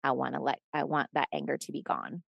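On a podcast, a woman guest with a very deep, creaky voice tells a personal story at a quick clip, acting out the dialogue and swearing and laughing along the way. The recording is lo-fi with no room sound.

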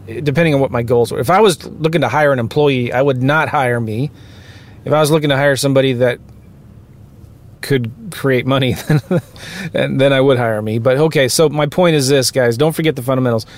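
A man giving a rambling, emphatic motivational talk to his viewers, with vehicle sound behind him. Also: medium pitch. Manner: rambling, self-interrupting, emphatic. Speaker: real estate investing vlogger. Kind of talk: casual motivational talk to camera.

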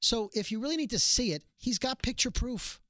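Podcast co-host, casual episode recap, sarcastic animated retelling, dead-dry close mic. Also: mid-range voice, a little fast, no room sound.

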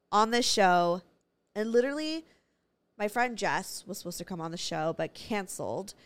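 A woman's voice: lowish voice, clear, resonant tone. A woman hosting her own podcast in a brash, bubbly, profane casual chat. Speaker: podcast host.

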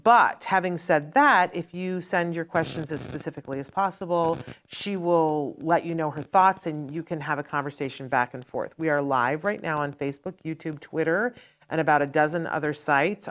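Woman host, low-pitched, upbeat, long chatty announcements for a live show. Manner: chatty, upbeat, runs through notices in long strings.

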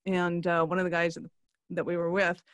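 A woman's voice: on the low side, level tone, normal speed, no room sound. A woman from Canada, a guest in a casual chat, who is upbeat and laughs often.

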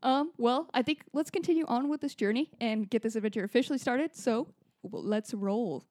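A higher-voiced woman running a segment on a casual podcast, reacting quickly and eagerly. Her voice sounds dry and close. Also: a little mellow, no echo.

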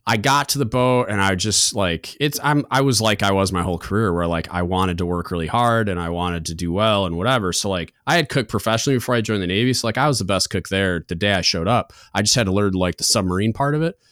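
A man's voice: on the low side, quick pace, few pauses, dry recording, clean studio sound. A man in his thirties, a podcast host, telling a story in casual chat and acting out the voices of others. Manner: animated, acts out quoted voices.

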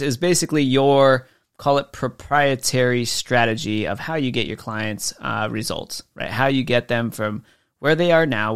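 A man's voice: mid-range voice, a bit bright, clean tone. A man in his thirties, a business coach, talking casually to viewers and telling a story, with many fillers and acted-out quotes. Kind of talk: casual talking-head explainer.

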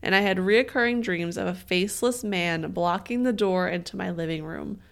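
A woman's voice: fairly low pitch, normal speed, creaky. A woman co-hosting a casual podcast, reading listener mail aloud with playful, giggly asides. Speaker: podcast co-host.

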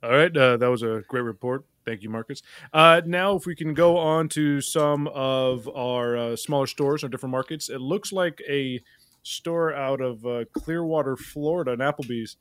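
A man doing improv comedy, chairing a meeting and then playing a doctor, with halting, filler-heavy delivery. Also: mid-range voice, fairly bright tone, no echo.

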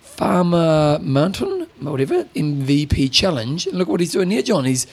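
A man's voice: on the high side, sing-song, moderate pace, gravelly, a little mellow, breathy edge. A man co-hosting a podcast, chatty and teasing, laughing often in casual conversation. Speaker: podcast co-host. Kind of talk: casual chat.

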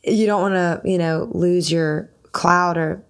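A woman's voice: fairly low pitch, a little slow, clean tone. A woman hosting a podcast, chatting casually and telling a personal story, acting out her own quoted lines as she goes. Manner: storytelling, quotes herself with animated voices. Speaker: podcast host and singer.

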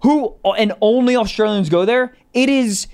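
A man's voice: very high voice, normal speed, clean tone. A man co-hosting a podcast, rambling and cursing in loose comedic chat. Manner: animated, profane, rambling. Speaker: podcast co-host.

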